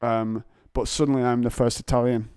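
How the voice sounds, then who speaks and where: A young man rambles through anecdotes on his solo podcast, slipping into high, mocking voices for the people in his stories. His voice sits at a middling pitch, and the recording is dry and close, with no room sound. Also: level tone, brisk, darkish tone, clean tone, dry recording. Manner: jokey storytelling, acts out voices of others in high pitch. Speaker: podcast host.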